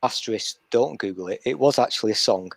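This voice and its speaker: A man's voice: mid-range voice, fast talker, gravelly, soft background music. A man from Wales hosting a casual online chat stream, crude and teasing. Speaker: podcast host. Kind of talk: casual banter.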